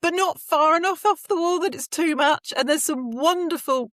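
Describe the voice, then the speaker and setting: A woman hosting an interview, talking in an enthusiastic, expressive way. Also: high voice, normal speed, dry recording, studio quality. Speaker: podcast host. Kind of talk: interview conversation.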